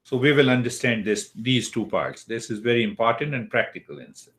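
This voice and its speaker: A man's voice: mid-range voice, animated, fairly bright tone. An older man teaching a yoga philosophy lesson, who asks questions and answers them himself. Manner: slow and deliberate, asks and answers his own questions.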